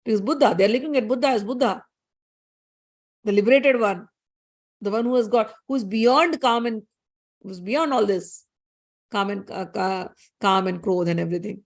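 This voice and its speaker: A woman giving a spiritual talk. She retells a story in a lively way, with many restarts and asides. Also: medium pitch, normal speed. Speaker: spiritual teacher. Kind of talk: storytelling scripture discourse.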